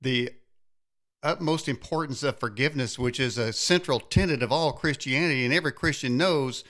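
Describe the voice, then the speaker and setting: A man's voice: mid-range voice, normal speed, a bit bright. A man hosting a faith-based interview show, talking in a rambling, preacher-like way. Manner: rambling, preacher-like, many restarts. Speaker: host. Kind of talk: conversational interview.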